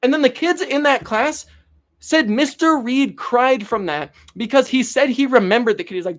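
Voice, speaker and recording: A man's voice: very high voice, normal speed, fairly bright tone. A young man on a casual livestream, telling stories and answering chat in a profane, rambling way that often trails off into mumbles. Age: young adult.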